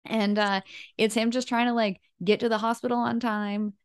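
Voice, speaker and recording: A woman's voice: a little high, level tone, moderate pace, clear, resonant tone. A woman co-hosting a podcast in casual chat, talking with frequent laughs and fillers. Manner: chatty, laughs often, many fillers. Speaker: podcast co-host.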